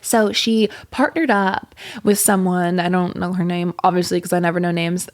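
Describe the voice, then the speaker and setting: A woman's voice: fairly low pitch, fairly even intonation, moderate pace. A young woman hosting a podcast, telling a candid, rambling story in casual chat with plenty of swearing and fillers. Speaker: podcast host.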